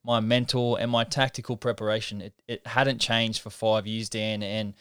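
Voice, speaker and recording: A man tells his story in a reflective, earnest way. His voice is smooth and resonant, recorded close and dry. He stops and restarts often while he talks in a casual interview. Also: lowish voice, little pitch movement, moderate pace, a bit bright, no room sound. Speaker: interview guest, professional rugby league halfback.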